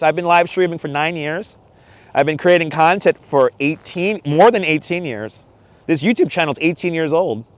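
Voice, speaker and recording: A man's voice: a little high, no echo. Chatty New man streaming outdoors. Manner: chatty, laughs often, reads chat aloud. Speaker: livestream host. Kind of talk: casual live stream chat. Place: outdoors on a cold beach sand dune at night. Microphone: wireless clip-on mic.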